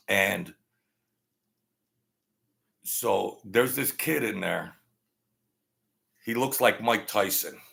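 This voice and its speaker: A man's voice: fairly low pitch, vocal fry, bright, forceful tone. A man hosting a live talk show from a small home studio setup. He tells a rambling story, repeats himself, and thanks viewers by name.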